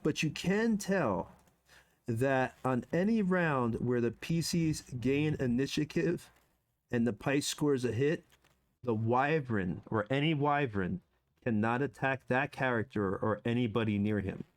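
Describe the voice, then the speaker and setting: A man narrates a tabletop game as game master, easygoing and a little rambling as he describes rules and items. His voice sits at an ordinary middle pitch, heard over an online call. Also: a little slow.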